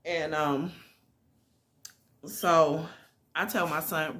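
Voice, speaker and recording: A middle-aged woman tells a personal story in a casual, animated way, leaning on fillers and emphasis. Her voice sits on the low side, yet it comes across bright and forceful. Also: moderate pace. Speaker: vlogger telling a personal story.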